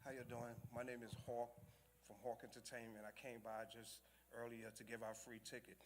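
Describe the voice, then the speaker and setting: A man's voice: medium pitch, level tone, normal speed, background noise. A man from the South Bronx who promotes entertainment, speaking informally and pleading with the crowd. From South Bronx, New York.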